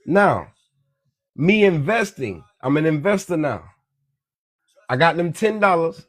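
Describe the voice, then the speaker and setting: A man's voice: a little high, big pitch swings, measured pace, no echo, studio quality. A man giving a casual, profane, preachy monologue about money as a social media commentator, often calling listeners "beloved". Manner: profane, preachy, repeats "you dig me" and "beloved".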